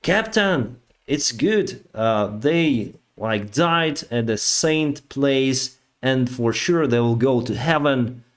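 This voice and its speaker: A man voicing a devout male airline first officer who speaks calmly and sincerely. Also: mid-range voice, slow pace, few pauses, pitched above the performer's own voice. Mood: earnest. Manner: calm, sincere, matter-of-fact.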